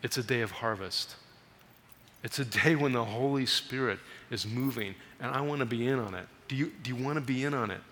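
A man preaching as a guest missionary in a church, telling stories in an animated way and raising his voice for emphasis. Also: medium pitch, fairly quick, big-room sound, slight background noise. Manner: animated storytelling, raises voice for emphasis. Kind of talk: sermon. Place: church sanctuary.

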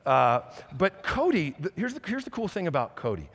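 A middle-aged man preaching a sermon, telling stories with animated energy and frequent restarts. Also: high-pitched, brisk, husky. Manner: animated storytelling with many restarts. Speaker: pastor. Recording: long hall reverb.

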